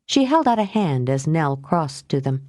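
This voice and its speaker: A woman reading an audiobook aloud, lifting her pitch for dialogue and dropping low for the narration. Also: sing-song, moderate pace, mellow, dry recording, studio quality. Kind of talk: audiobook narration with character voices.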